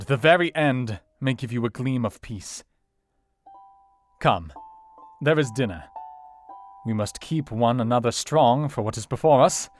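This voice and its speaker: An actor playing an earnest, grave Victorian male doctor in a dramatized reading of a classic novel, with a formal, gentle and solemn manner. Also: medium pitch, natural voice.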